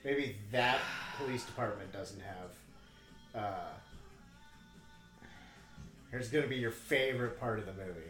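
A man's voice: lowish voice, measured pace, pauses often, fairly bright tone, reverberant, faint music behind. A man hosting a podcast, teasing his guest in dry, casual movie commentary. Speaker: podcast host.

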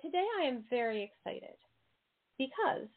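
A woman hosting an interview show, bubbly and quick to laugh, talking eagerly with her guest. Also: fairly high pitch, lively intonation. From United States. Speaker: host. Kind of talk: casual interview chat. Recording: tinny phone-like sound.

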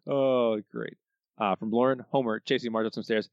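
A man co-hosting a podcast, reading out listener answers in a casual way with quick bursts of put-on voices. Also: mid-range voice, steady tone, no room sound, highs cut off. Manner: reads quotes with bursts of mock voices, chuckling. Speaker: podcast co-host.

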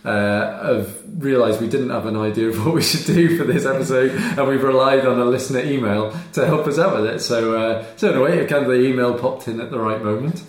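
A man co-hosting a podcast in casual chat, chatty and quick to laugh. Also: mid-range voice. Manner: chatty, laughs often, reads out listener mail. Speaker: podcast co-host. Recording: roomy echo.

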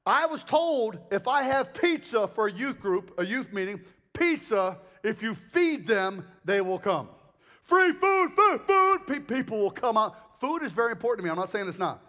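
Older male evangelist, high-pitched, lively, jokey sermon delivery. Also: normal speed, hardly any pauses. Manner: animated, joking, acts out crowd voices. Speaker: guest preacher.

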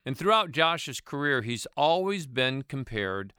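A man's voice: mid-range voice, big pitch swings, unhurried, pushed and bright. A man hosting a casual interview, upbeat and prompting, nudging his guest on. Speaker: podcast host.

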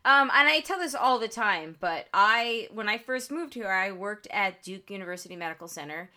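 Bright-voiced woman with a Long Island accent. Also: mid-range voice, normal speed. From Long Island, New York. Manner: animated storytelling, laughs often. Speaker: podcast co-host. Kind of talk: casual chat.

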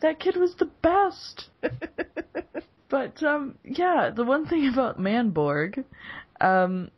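Giggly woman host, slow lo-fi chat. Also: high-pitched, lively intonation, husky. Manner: giggly, laughs often between phrases. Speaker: podcast host. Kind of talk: casual chat. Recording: dull lo-fi podcast audio.

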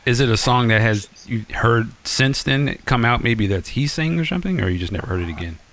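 A man's voice: medium pitch, animated, a little fast, fairly bright tone. A man hosting an interview, asking long, rambling questions.

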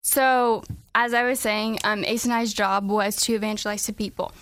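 A young adult woman speaking as a radio interview guest in an earnest, halting way with many ums, at a studio microphone. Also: mid-range voice, steady tone, a bit bright, no echo. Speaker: guest, student back from a mission trip.

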